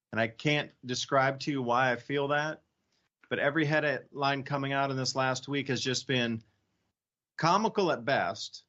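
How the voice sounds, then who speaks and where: A man's voice: medium pitch, a bit bright. A man hosting a radio talk show, rambling with sarcastic asides. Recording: slightly dull lo-fi audio.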